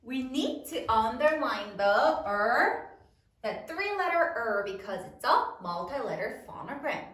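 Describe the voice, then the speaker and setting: A woman teaching a spelling lesson to young children, sounding out each word slowly in a sing-song teacher voice. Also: on the high side, sing-song, a bit bright, echoey room, far from the mic.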